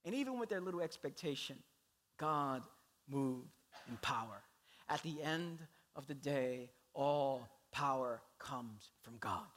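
A male pastor preaching a sermon, telling the story with animated delivery. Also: mid-range voice, measured pace. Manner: animated storytelling, acts out voices.

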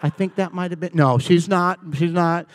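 High-voiced man joking with a congregation. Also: normal speed, dry recording. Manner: animated storytelling, acting out dialogue and bantering with the audience. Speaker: guest speaker at church. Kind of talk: comedic talk to a live congregation. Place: church service.

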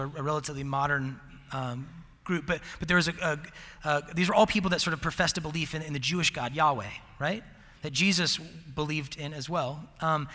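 A young man with a fairly high-pitched, sharp voice preaches a casual sermon to a college group, rambling with fillers and laughing at himself. He's a campus ministry preacher speaking to a live audience in a large hall, and the recording carries a long hall reverb.

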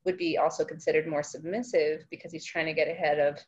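A woman hosting a casual interview, talking about dog training with halting restarts. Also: sits low, level tone, a little mellow, dull audio, a little hiss or hum. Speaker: host.

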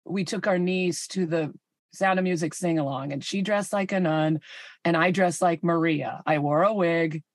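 A woman's voice: fairly low pitch, moderate pace, no room sound, studio quality. A woman co-hosting a podcast in casual chat, giggly and playful. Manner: giggly, playful, slips into silly voices. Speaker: podcast co-host.

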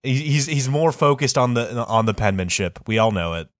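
A man's voice: medium pitch, animated, moderate pace, dry recording, clean studio sound. A young man co-hosting a casual podcast, reacting with jokes and wisecracks. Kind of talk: casual chat.

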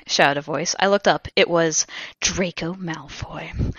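A woman co-hosting a podcast, reading aloud in a theatrical, mock-solemn way with sudden loud bursts. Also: low-pitched, moderate pace, gravelly, no room sound, lo-fi sound. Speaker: podcast co-host. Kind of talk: comedic dramatic reading.

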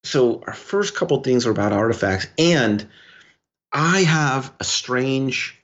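A man co-hosting a podcast, telling a story in a rambling, animated way with lots of restarts. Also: mid-range voice, takes it slowly, muffled recording. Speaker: podcast co-host. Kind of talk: casual podcast conversation.

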